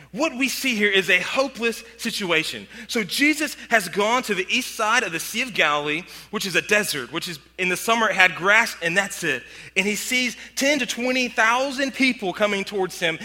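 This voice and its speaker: In a large hall with long reverb, a male pastor preaches earnestly, his voice high-pitched and very bright. He slows and goes nearly quiet when he wants to stress a point.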